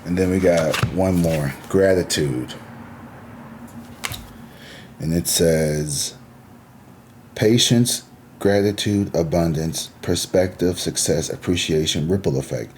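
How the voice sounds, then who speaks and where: A man's voice: deep voice, slow pace, pauses often, darkish tone, slight background noise. A man giving a casual tarot reading, talking in a laid-back, chatty and reassuring way with the odd curse word thrown in. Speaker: tarot reader.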